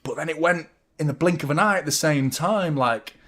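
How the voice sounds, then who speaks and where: Sounding drained, a young adult man hosts a casual live-stream football watchalong, rambling, swearing freely, and reading viewers' comments aloud. He speaks at a moderate pace with a fairly high, fairly bright voice.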